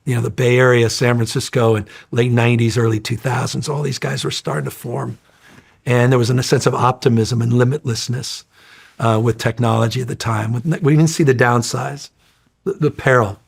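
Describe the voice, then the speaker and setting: Middle-aged guy, raspy and gravelly, swears a lot, energetic rambling interview talk. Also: medium pitch, moderate pace. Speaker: interview guest. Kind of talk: casual storytelling interview.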